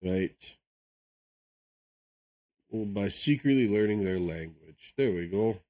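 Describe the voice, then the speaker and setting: Man, streamer, low-ish voice, casual rambling chat, keeps saying "right?". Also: animated, takes it slowly, darkish tone. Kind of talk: casual chat while gaming.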